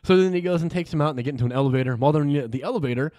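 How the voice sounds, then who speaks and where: Man, podcast co-host, rapid, mid-pitched, rambling recap, dry close sound. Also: a little mellow, no echo. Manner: rambling plot recaps with frequent laughter. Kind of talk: casual film review chat.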